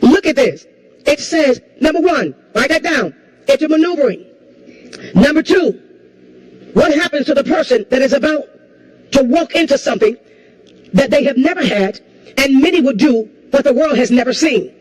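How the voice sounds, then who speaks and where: A woman preaching a sermon with passion. She repeats her lines, keeps asking the crowd whether they hear her, and rises to shouts and a crying tone at the peaks. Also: sits high, expressive, normal speed, low-quality recording.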